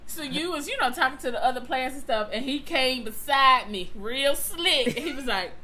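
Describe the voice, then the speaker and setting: High, giggly woman. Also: moderate pace. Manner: excitable, giggly, expressive. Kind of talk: casual chat.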